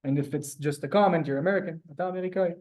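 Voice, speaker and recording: Male teacher, casual and talky, a bit high-pitched, video-call sound, lots of ums and restarts. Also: quick pace, low-quality recording. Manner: relaxed, chatty, many fillers and restarts. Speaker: Hebrew teacher. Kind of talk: casual online class teaching.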